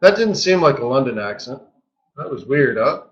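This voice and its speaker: A man hosting a live trading webinar, walking through charts in an animated, joking way with lots of rhetorical questions. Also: mid-range voice, normal speed, dull audio. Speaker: forex market strategist hosting a daily webinar.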